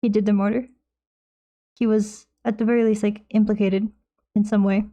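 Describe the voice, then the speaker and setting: A woman's voice: mid-range voice, level tone, moderate pace, warm tone. A woman streaming while she paints, chatting in a rambling, jokey way and slipping into silly voices. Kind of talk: casual chat while painting.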